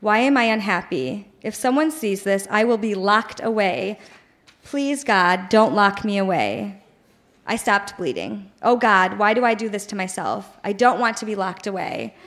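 A woman's voice: medium pitch, expressive, a little slow, fairly bright tone. A woman reading her teenage journal aloud on stage at a live show, in a pleading, melodramatic way. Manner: pleading, melodramatic teen outbursts. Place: live bar venue.

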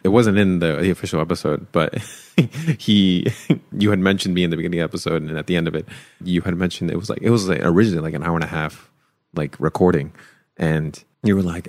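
A man's voice: deep voice, quick pace, darkish tone, no room sound. A young man on a podcast team, telling a story in a casual chat and laughing often. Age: young adult. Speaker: podcast editor.

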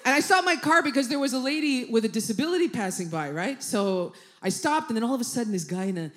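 A woman works a comedy stage, telling loud family stories full of swearing. Her lines land in short, punchy bursts. Faint background noise sits under the voice. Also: fairly high pitch, lively intonation, fast talker. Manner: brash, swearing, punchy storytelling. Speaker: stand-up comedian. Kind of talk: stand-up comedy set. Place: comedy club stage, audience laughing.

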